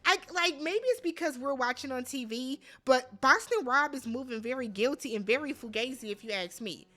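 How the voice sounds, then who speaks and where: A woman giving a casual, slangy recap of a reality show, quoting the players in lively voices. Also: high-pitched, moderate pace. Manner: animated, slangy, quotes people in put-on voices. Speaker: recap vlogger.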